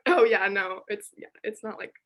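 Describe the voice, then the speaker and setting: A teenage girl telling a story as a podcast guest, chatty and animated, full of fillers. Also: medium pitch, normal speed. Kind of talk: casual chat.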